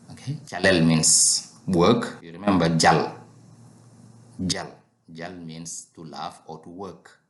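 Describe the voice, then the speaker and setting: A man's voice: sits low, echoey room. A man teaching a language lesson, patiently repeating each word for learners.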